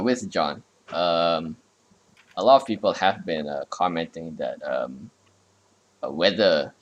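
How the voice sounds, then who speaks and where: A man hosting a casual livestream, talking haltingly with many fillers and restarts. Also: extremely low pitch. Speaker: stream host and project lead.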